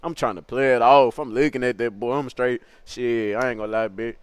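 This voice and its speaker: A man's voice: mid-range voice, fairly even intonation, brisk, smooth, no room sound, clean studio sound. Rambling, slangy male storyteller. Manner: slangy, rambling, laughs at his own story. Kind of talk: casual comedic storytelling.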